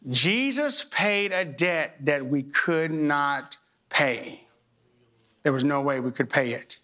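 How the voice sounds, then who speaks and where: Bright high-voiced animated male preacher. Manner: animated storytelling, voicing himself and others. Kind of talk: sermon.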